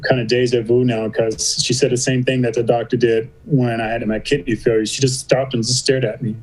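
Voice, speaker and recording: A middle-aged man appears as a guest on a podcast, telling a story in a casual interview. He's an animated storyteller who acts out the quoted dialogue, often saying "you know" and "I go." His voice sits at medium pitch and moves at normal speed, and the audio quality is poor.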